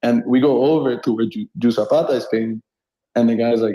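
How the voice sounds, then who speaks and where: A man in his thirties from Colombia, a street artist telling funny anecdotes in a relaxed, animated way and laughing often. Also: mid-range voice, fairly quick. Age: 30s. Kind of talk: casual storytelling. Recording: roomy echo.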